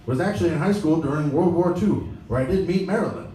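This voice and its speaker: A man impersonating a sharp older male astronaut who sounds like a sports broadcaster, with a crisp, upbeat announcer delivery. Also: on the high side, fast talker, slight background noise, voice pushed up, close to an everyday voice. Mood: reminiscing. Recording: roomy live recording from a distance.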